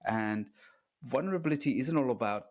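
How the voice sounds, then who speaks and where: A man's voice: medium pitch, expressive, fairly quick, a little mellow. A middle-aged man hosting a podcast, chatting casually about dating and acting out quoted voices with animation. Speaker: podcast host and dating coach.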